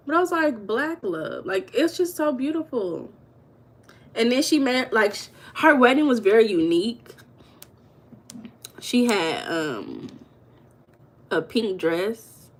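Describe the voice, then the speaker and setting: A woman's voice: medium pitch, animated, normal speed, pauses often. A woman hosting a live stream, chatting casually with her viewers and laughing often. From United States. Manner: chatty, talks to chat viewers, calls them baby and girl; laughs often while talking.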